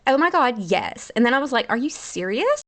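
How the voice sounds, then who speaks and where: A woman's voice: high voice, sing-song, voice pushed up. A woman voicing a sassy female zoo animal who gushes like a valley girl. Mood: gushing. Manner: bubbly, drawn-out valley girl gushing.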